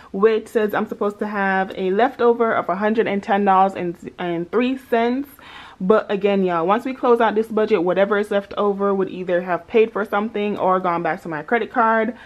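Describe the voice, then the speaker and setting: A young woman vlogging her paycheck budget, working sums aloud and chatting to her viewers with a familiar, playful manner. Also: mid-range voice. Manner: chatty, talks to viewers as y'all, child, girl. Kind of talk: casual budgeting vlog, talking through calculations.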